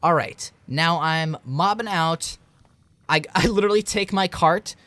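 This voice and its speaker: A man's voice: a little high, a little slow, sharp tone, dry recording. A young man talking in a loose late-night video rant, rambling with lots of fillers and restarts. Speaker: game reviewer.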